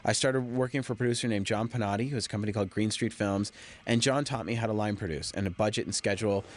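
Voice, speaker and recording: A man's voice: fairly low pitch, quick pace. A young man, a film director, rambling candidly through a DVD commentary with frequent swearing.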